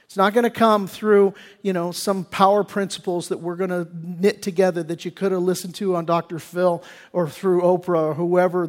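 A man's voice: high-pitched, big-room sound. A male pastor preaching a sermon in a church sanctuary, talking in a folksy, conversational way with stumbling restarts.

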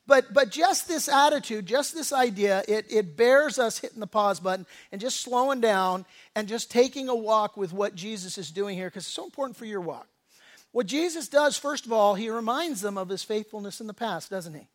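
Preaching with a high voice, a male pastor keeps things animated and chatty, telling stories, tossing in fast asides, laughing, and often starting words over.

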